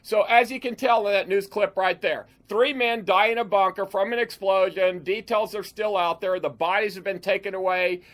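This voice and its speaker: A man's voice: sits high, steady tone, moderate pace, few pauses, fairly bright tone. A man who builds bunkers and hosts his own channel, talking straight to his viewers in an angry, off-the-cuff rant. He is emphatic and heated, and he repeats himself as he talks.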